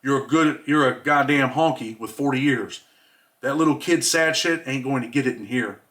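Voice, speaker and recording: A man reading as a blunt, protective prison inmate who talks in a gruff, streetwise, coaxing way. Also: medium pitch, moderate pace, a bit bright, natural voice. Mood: tough-love.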